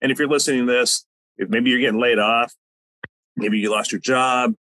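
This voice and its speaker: This podcast host talks a little fast in a medium-pitched, steady voice that sounds pushed and bright. He chats casually over a video call with no headset, wandering off with fillers and jokes, and the recording is rough but echo-free.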